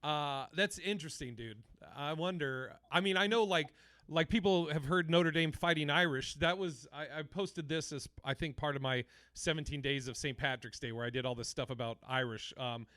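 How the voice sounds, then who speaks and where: A man hosts a casual podcast and thinks out loud, laughing and swearing easily. His voice is fairly high, bright and forceful. It sounds dry, with no room echo. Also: normal speed. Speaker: podcast host. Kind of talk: casual chat.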